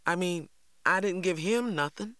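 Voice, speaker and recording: A man's voice: sits high, normal speed, pushed and bright, clear, resonant tone, no echo, clean studio sound, pitched above the performer's own voice. A man voicing an earnest, questioning boy. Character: earnest thoughtful Southern boy.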